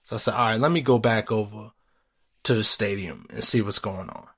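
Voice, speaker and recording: A young man hosting a podcast, telling a story in a casual, profane, animated way. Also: lowish voice, fairly quick. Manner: animated, profane, retells quotes with voice jumps. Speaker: podcast host.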